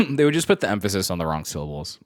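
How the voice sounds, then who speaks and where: Twenties male streamer, laid-back storyteller, expressive and bouncy delivery, dry room. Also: deep voice, racing, dry recording. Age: 20s. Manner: rambling anecdotal storytelling, laughs often. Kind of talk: casual live-stream chat with viewers.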